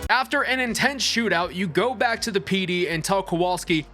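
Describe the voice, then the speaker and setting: A man's voice: sits high, moderate pace, hardly any pauses, bright, forceful tone, faint music behind. A man giving blunt, irreverent, cursing commentary as he reviews a game, stumbling over restarts. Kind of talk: casual profane game commentary.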